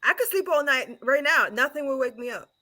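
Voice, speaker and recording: A woman calling in to a talk show, chatting casually and reacting quickly. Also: sits high, animated, pushed and bright. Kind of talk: casual chat.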